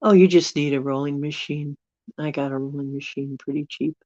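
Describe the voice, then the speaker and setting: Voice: mid-range voice, fairly even intonation, fairly quick, darkish tone, dry recording. A live-stream host with allergies, chatting casually with viewers, rambling and chuckling while thinking aloud. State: dealing with allergies. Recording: dull, dry lo-fi sound.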